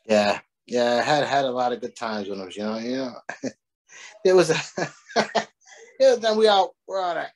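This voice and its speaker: A man telling a casual story, swearing freely and rambling with many restarts. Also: mid-range voice. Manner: profane, rambling, laughs while telling. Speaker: guest storyteller.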